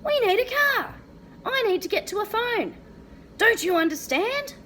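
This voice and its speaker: A woman reading aloud and voicing a panicked, red-faced father in a shrill, strained voice. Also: big pitch swings, a little slow, bright, forceful tone, a little hiss or hum, heavily acted. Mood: frantic. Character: panicked middle-aged dad, frantic and red-faced.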